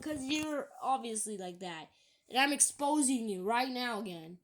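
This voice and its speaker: A woman talking casually in a video, reading out online comments and scoffing at them in halting, rambling sentences. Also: on the high side, animated. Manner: halting, rambling, with many restarts. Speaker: YouTuber.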